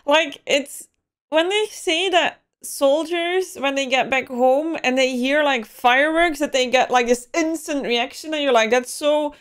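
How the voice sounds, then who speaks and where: A woman's voice: high voice, a little slow. A young woman giving a first-time movie reaction, emotional and given to gasps and exclamations.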